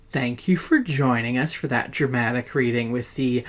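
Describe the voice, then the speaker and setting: A man reading an old ghost story aloud as the channel's host, with theatrical, drawn-out emphasis on single words. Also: mid-range voice, very animated, soft background music. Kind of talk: dramatic reading and channel outro.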